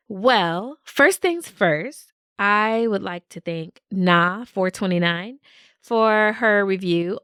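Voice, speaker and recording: A woman's voice: medium pitch, fairly bright tone, smooth, no room sound, clean studio sound. A woman hosting a solo podcast, talking in an upbeat way and laughing often. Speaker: podcast host.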